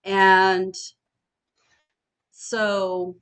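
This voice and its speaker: A woman's voice: medium pitch, flat delivery, drawn-out words, fairly bright tone, clear, resonant tone. A woman on a podcast panel talking casually and bluntly, swearing freely as she vents. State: studying for a master's degree. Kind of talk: casual chat.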